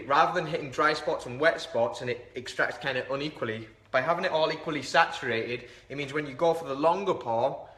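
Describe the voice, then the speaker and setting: A man's voice: mid-range voice, bright, forceful tone. A man explaining how to brew coffee in a chatty, rambling, self-deprecating way. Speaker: coffee reviewer. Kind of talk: casual how-to vlog. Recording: echoey room.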